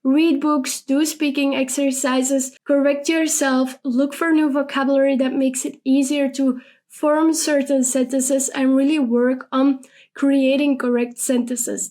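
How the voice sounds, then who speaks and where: A woman giving a language lesson, explaining study tips clearly and encouragingly. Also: high voice, darkish tone. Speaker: language teacher. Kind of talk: lesson to camera.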